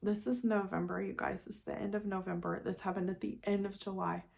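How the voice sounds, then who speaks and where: A woman's voice: medium pitch, flat delivery, brisk, gravelly, a little mellow. A woman in her forties, possibly, chatting candidly and emotionally to her viewers in a casual vlog, laughing at herself now and then. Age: 40s. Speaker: vlogger. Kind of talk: casual personal chat to camera.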